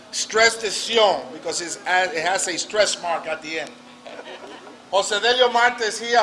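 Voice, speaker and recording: A man's voice: sits high, sharp tone, poor audio. A man emceeing an outdoor political rally, joking and introducing speakers in English and Spanish. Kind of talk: rally speech. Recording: outdoor rally with crowd and street noise.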